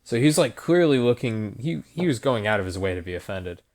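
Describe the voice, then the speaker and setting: A man's voice: lowish voice, sing-song, a little fast, darkish tone. A man hosting a podcast, telling a long story in loose, profane, laughing casual chat. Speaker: podcast host.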